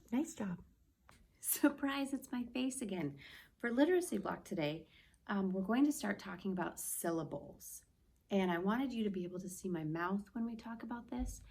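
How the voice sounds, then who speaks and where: A woman teacher giving a remote lesson to young children, speaking slowly and clearly, modeling words and answers for the class. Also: mid-range voice, mellow. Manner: slow, clearly spoken teacher voice.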